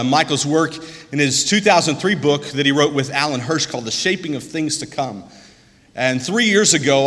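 Male professor, formal speaker introduction, mid pitch, reverberant chapel. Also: a bit bright. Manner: earnest, halting with fillers. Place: seminary chapel.

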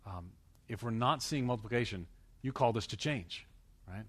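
A man's voice: medium pitch, moderate pace, a bit bright, breathy edge. A middle-aged man from the United States preaching a sermon, telling a folksy story full of restarts and fillers.

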